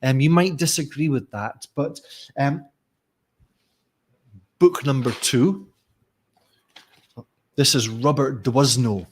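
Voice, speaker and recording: A man's voice: mid-range voice, slow, long pauses, slight background noise. A man talking casually as a teacher trainer in a live lesson, musing aloud with frequent restarts. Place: Barcelona.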